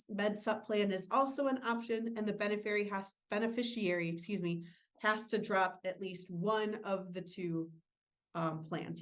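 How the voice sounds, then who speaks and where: A woman presenting an insurance training webinar, explaining rules in a casual way with filler words and joking asides. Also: mid-range voice. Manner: casual, self-deprecating asides.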